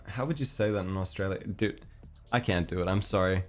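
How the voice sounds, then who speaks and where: A man's voice: fairly low pitch, fairly quick. A young man with a Canadian accent, chatting casually on a stream in a meandering, hesitant, self-deprecating way. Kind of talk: casual chat. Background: faint background music.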